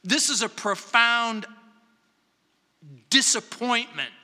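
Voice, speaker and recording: High-voiced bright pastor preaching in a reverberant hall. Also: male voice, slow pace. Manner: dramatic, swings between loud emphasis and hushed asides. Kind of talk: verse-by-verse sermon. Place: large church sanctuary.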